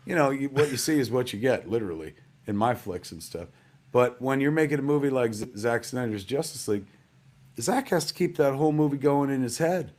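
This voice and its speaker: A man's voice: medium pitch, lively intonation, brisk. A middle-aged man hosting a live stream from home in a rambling, jokey casual way, calling everyone "man" and "kids".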